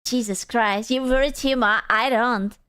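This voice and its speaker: Woman streamer, high and smooth voice, unhurried, blunt and teasing. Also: steady tone, sharp tone. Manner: blunt, self-deprecating, teasing. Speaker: streamer reacting to clips. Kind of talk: casual chat.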